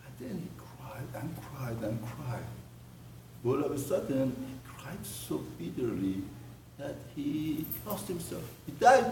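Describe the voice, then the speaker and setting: A man, a rabbi, teaching a mussar lesson on the weekly Torah portion, telling a story with lively swings from loud emphasis to hushed murmurs. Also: a little high, slight background noise. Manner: animated storyteller, voice rising and dropping to near murmur. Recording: roomy, distant mic with faint ambience.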